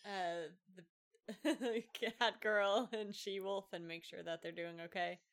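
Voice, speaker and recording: Woman player talking slow, a bit hesitant and giggly. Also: medium pitch, steady tone, a bit bright. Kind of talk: tabletop role-play, describing her character's actions.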